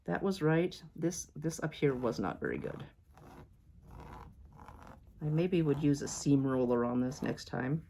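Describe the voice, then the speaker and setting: A woman with a low-pitched voice talks her viewers through a quilting project as she works. She chats casually and frets over each step. Then she reassures herself that it will turn out fine. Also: lively intonation, unhurried, creaky, pauses often, warm tone, a little hiss or hum. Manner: chatty, self-doubting, talks to viewers as "you guys". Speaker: quilting vlogger. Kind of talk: casual talk-along while sewing.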